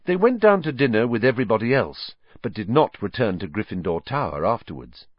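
A man narrating a storybook in an expressive, varied reading. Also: on the low side, brisk, husky, dry recording. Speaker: audiobook narrator. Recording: dry, slightly muffled recording.

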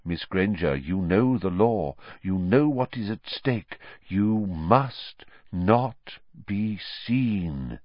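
Dumbledore, read by a man, low and grave. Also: animated, dry recording, muffled recording, full character voice. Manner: quiet, slow and very clear. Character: grave, calm old male wizard headmaster.

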